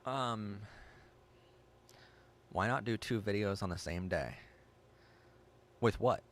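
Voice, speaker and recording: An excitable man hosting a casual livestream, reading chat aloud and reacting with gasps. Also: on the low side, slow pace, a little hiss or hum. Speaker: livestream host.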